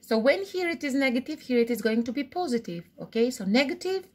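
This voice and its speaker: A woman walks through English grammar, her fairly high voice rising and falling in a lively way. She explains slowly and repeats each example, often checking in with an "okay?". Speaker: English teacher. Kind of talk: recorded grammar lesson.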